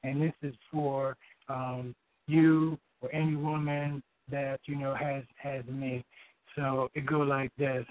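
A man calling in to read his spoken-word poem, halting at times and filling gaps with fillers and restarts. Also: mid-range voice, flat delivery. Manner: halting, with many fillers and restarts between lines. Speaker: caller reading his poem. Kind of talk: spoken-word poetry over the phone. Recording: tinny phone line.

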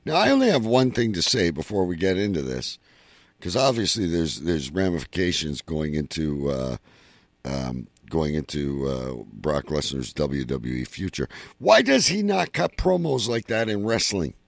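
A man hosting a podcast in casual chat, excitable and stammering, swearing now and then. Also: extremely low pitch, moderate pace, gravelly, no room sound. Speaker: podcast host.

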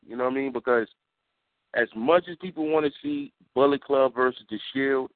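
A man's voice: medium pitch, fairly quick, no echo. Emphatic man, dry tinny audio. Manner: repetitive, emphatic, says "you know what I mean". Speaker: podcast co-host. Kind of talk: casual chat. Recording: dry tinny phone-like sound.

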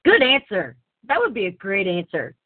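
A woman hosts a casual online talk show, laughing often and making fun of herself. Her mid-range voice swoops wildly in pitch at a moderate pace with a slightly rough texture. The audio sounds tinny, like a phone, with no room sound.

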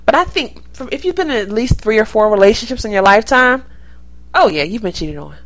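A woman's voice: on the high side, expressive, a little fast, low-quality recording. A woman co-hosting a podcast, chatting casually with opinions and frequent laughter. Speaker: podcast co-host.

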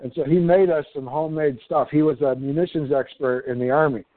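A man with a fairly high voice tells a story in casual chat, stumbling and repeating himself as he goes. The sound is dry and thin, like a phone line. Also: steady tone, no room sound. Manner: halting and repetitive, with laughing asides. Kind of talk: casual storytelling among friends. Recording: tinny, dry phone-like audio.

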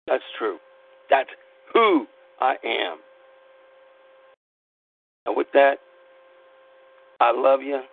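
A man's voice: medium pitch, sing-song, very slow, vocal fry, pauses often. A man hosting a podcast, delivering a blunt, preachy, impassioned monologue and swearing casually. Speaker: podcast host. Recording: tinny phone-line sound with mains hum.

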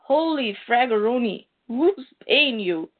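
A woman's voice: on the high side, animated, a little slow. A woman reading out a brash alien mercenary. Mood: taunting. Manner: read aloud plainly from a comic. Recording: tinny phone-like sound.

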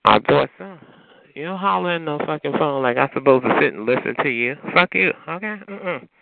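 Sassy male heckler, lively swooping pitch, tinny noisy phone call. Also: a little fast, vocal fry. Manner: sassy, mocking, swearing, calls others honey and child. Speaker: chatline heckler. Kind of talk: taunting phone chatline banter.

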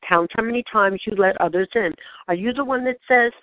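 A woman leading a channeled spiritual guidance session, speaking in gentle, questioning prompts to the listener. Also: medium pitch, brisk, no room sound. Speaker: spiritual guide. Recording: dry, tinny phone-like sound.

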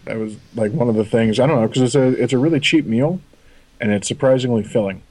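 A man from Pennsylvania, a podcast guest speaking in relaxed, hesitant casual chat with casual swearing, on a remote call mic. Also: medium pitch, fast, poor audio. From Pennsylvania, USA. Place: dark room at home.

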